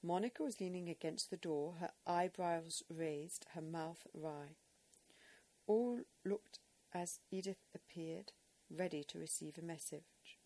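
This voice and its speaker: Woman reading an audiobook. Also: fairly low pitch. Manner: measured, expressive reading. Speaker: narrator. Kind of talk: audiobook narration.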